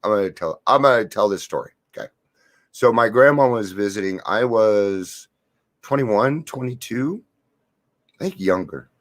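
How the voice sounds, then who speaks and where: A man's voice: lowish voice, expressive, moderate pace. A middle-aged man talking to camera in an earnest, confiding way, sharing a daily recovery reflection and stories. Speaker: recovery vlogger.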